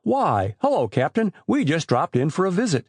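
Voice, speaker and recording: A man voicing a sober, level-headed older teenage brother who speaks earnestly and reasons calmly, in an audiobook. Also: fairly high pitch, normal speed, breathy edge, no room sound, clean studio sound, pitched above the performer's own voice, heavily acted.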